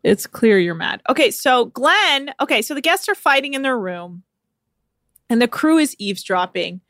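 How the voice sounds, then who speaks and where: Lively woman podcast co-host, dry mic. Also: a little high, normal speed, no echo. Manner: lively storytelling, deadpan jokes. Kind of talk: casual comic recap of a reality show.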